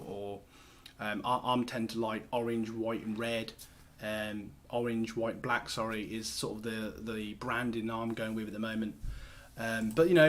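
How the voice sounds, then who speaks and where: A man hosting a casual screen-share tutorial, talking loosely with lots of fillers and restarts as he works. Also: mid-range voice. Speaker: host.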